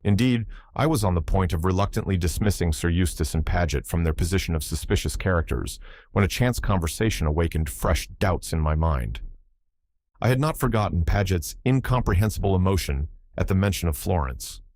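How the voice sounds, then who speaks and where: A man narrating a novel in the first person, in a measured storytelling manner. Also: low-pitched, animated, a little mellow. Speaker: audiobook narrator.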